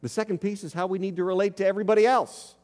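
A man preaches an earnest sermon in a church, reading scripture and asking the congregation questions. His voice sits a little higher than most men's. A long reverb trails each phrase through the sanctuary. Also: fairly even intonation, very fast, darkish tone. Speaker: pastor.

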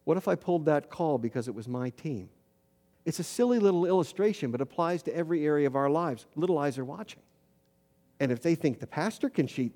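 A middle-aged male pastor preaching with a fairly high voice, his words carrying a long echo through a church hall. He tells stories and climbs louder to drive points home. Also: lively intonation, a little fast. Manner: storytelling, rising loud for emphasis. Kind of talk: sermon. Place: church sanctuary.

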